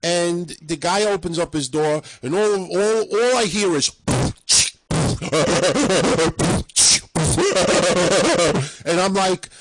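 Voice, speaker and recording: A man co-hosting a talk show, telling a profane, heated story and acting out a shouting match. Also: high-pitched, normal speed, few pauses, poor audio. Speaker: podcast co-host.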